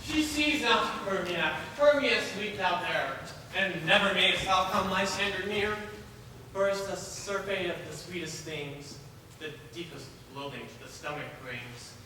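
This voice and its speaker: Casting: young actor as an ardent impulsive lover, higher voice, verse projected, recorded from far in a reverberant hall with noise. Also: male voice, measured pace, bright, forceful tone. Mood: passionate. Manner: declaims verse, projects to a stage audience. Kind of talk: stage play performance. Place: school auditorium stage. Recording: echoey hall, distant mic, noisy.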